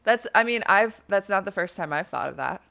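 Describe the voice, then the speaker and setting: A woman hosting a podcast in casual chat, bubbly and gushing, quick to laugh. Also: mid-range voice, lively intonation, creaky, sharp tone. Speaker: podcast host and actor. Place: design showroom, indoors.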